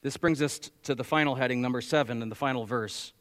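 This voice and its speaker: A man preaching a sermon as pastor, emphatic, swinging between loud exclamations and quiet, slow asides. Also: medium pitch, in a large hall.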